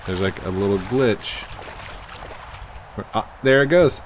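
A man rambling excitably through casual gameplay commentary into a desk microphone, putting on a playful accent, with lots of fillers and laughs. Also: on the low side, unhurried, slight background noise. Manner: talks in a put-on playful accent. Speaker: gamer hosting his own channel.

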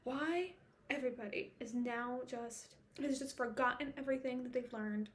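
A woman with a fairly high voice talks through a book recap for her vlog, casual and animated. She rants in exasperation and fires off one rhetorical question after another. A faint hiss sits under the recording. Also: moderate pace. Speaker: book vlogger.

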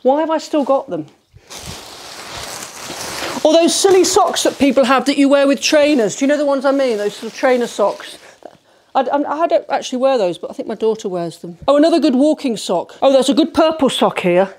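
A woman's voice: high-pitched, fairly quick, darkish tone, a little hiss or hum. A middle-aged woman, chatting through a declutter vlog as she sorts socks in her bedroom, exclamatory and self-mocking. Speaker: home organising vlogger. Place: bedroom, sorting socks on a bed.

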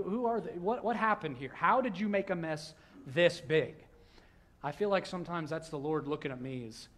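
Higher-voiced pastor preaching. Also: male voice. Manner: conversational preaching, swings from hushed to loud. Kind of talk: sermon. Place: church sanctuary.

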